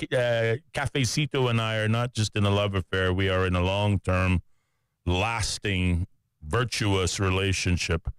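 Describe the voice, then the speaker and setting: A man's voice: on the low side, a bit bright, clean tone, dry recording. A man hosting a radio talk show in a studio, chatty and joking at his own expense. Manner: chatty, joking and self-mocking.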